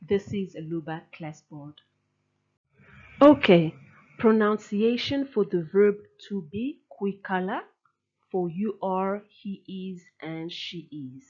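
Slow, careful woman teaching pronunciation. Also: mid-range voice, dark tone, slightly rough, muffled recording. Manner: slow, careful drills, repeating words with rising emphasis. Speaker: language teacher. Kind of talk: recorded pronunciation lesson.

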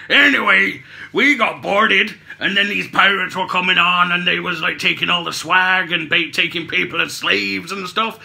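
Speaking at a normal speed in a high, creaky, sharp voice, this man plays a puppet-show host telling a meandering funny story. He mixes Cockney with Somerset in his accent, swears, corrects himself as he goes, and chuckles at his own gags.

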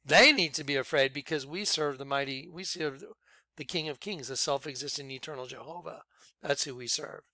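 A man leading a ministry, preaching informally in an animated way, laughing and swinging between loud outbursts and quiet asides. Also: a little high, moderate pace, dry recording, studio quality. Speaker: ministry leader.

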